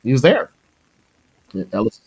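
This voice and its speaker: A middle-aged man from Houston, a drummer, telling stories in a casual interview. He talks in an animated way, laughs often and imitates the people he quotes. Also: on the low side, normal speed, gravelly, breathy edge. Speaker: guest musician, drummer.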